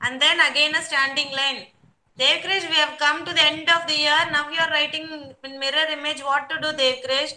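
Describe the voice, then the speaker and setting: A woman teaching kindergarteners over a video call, slowly repeating numbers and coaxing the children. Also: high-pitched, fairly even intonation, pushed and bright, low-quality recording. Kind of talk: online class instruction.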